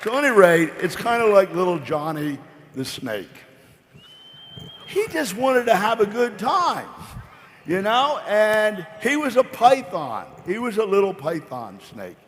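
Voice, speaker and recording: A man speaking from a big convention stage, rambling and folksy with a playful storytelling manner. His voice sits high for a man and trails off into a long hall reverb. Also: very animated, measured pace, fairly bright tone, a little hiss or hum. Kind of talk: motivational storytelling speech.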